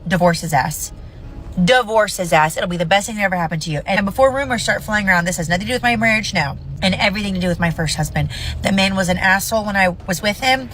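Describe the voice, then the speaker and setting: A woman's voice: mid-range voice, very fast, a bit bright, a little hiss or hum. A woman in her thirties ranting to camera about her past, blunt and indignant and swearing freely. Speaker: mother sharing her story. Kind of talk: emotional video rant to camera.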